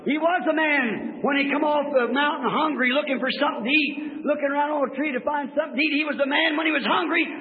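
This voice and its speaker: A man's voice: very high-pitched, fairly even intonation, quick pace, few pauses, a little hiss or hum. A male pastor preaching a sermon with fervent, rhythmic repeated refrains, on a tinny old lo-fi tape in an echoey hall.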